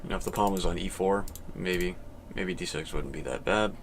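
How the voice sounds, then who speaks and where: A man's voice: deep voice, normal speed, a little hiss or hum. A man playing online chess and thinking aloud, in a glum, self-critical mutter. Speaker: chess player.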